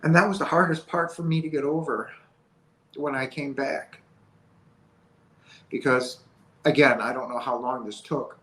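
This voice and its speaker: A man speaking as an interview guest, telling a personal story in an earnest, halting, emotional way. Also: medium pitch, steady tone, a bit bright, poor audio.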